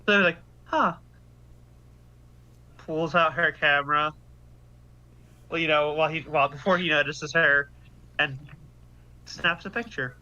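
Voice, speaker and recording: Hesitant, bright-voiced man playing a tabletop game. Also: fairly high pitch, fairly even intonation, normal speed, long pauses. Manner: hesitant, with many restarts. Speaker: player. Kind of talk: tabletop role-play chat. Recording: dull lo-fi audio.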